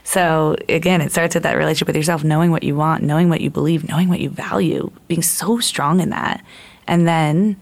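A woman's voice: low-pitched, steady tone, a little fast, gravelly. A woman giving earnest advice in casual talk, laying it out in numbered steps and acting out inner voices.

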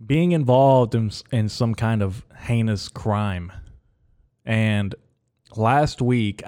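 A man hosting his own podcast, talking alone in a casual, rambling way and telling absurd jokes with a deadpan delivery. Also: lowish voice, slow. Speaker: podcast host. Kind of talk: solo comedic podcast monologue.

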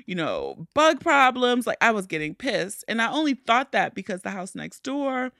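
Young female podcast host, animated and profane storyteller, bright voice, dry close mic. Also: mid-range voice, no room sound. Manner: animated, profane, shrieks when acting out panic. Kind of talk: casual storytelling.

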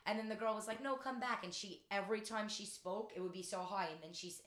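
A woman's voice: medium pitch, steady tone, fast talker, fairly bright tone. Bubbly woman co-host, rambling chat, mid-range voice in an echoey room. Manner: bubbly, rambling, apologetic, laughs often. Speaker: podcast co-host. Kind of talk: casual chat.

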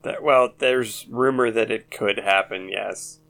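A low, gravelly man talking casually on a podcast, a bit hesitant, with a bright edge to the voice. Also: measured pace. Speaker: podcast co-host. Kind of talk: casual chat.

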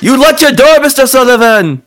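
A man's voice: extremely high pitch, lively intonation, moderate pace, fairly bright tone, voice pushed up. A man voicing an eager, polite and loyal male assistant in a tabletop game, formal and deferential.

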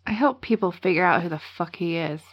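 A woman's voice: on the low side, fairly quick, lo-fi sound. A woman co-hosting a casual podcast, chiming in with crude reactions. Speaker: podcast co-host.

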